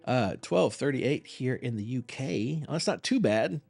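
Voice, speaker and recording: A man's voice: mid-range voice, lively intonation, measured pace, gravelly, a little mellow, soft background music. A man hosting a live reaction stream, chatting casually with viewers in a rambling, apologetic and self-mocking way.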